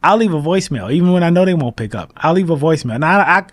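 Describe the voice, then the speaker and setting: A man being interviewed as a mortgage broker, talking in an animated, emphatic way and acting out his phone calls. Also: a little high, fast talker. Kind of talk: casual interview talk.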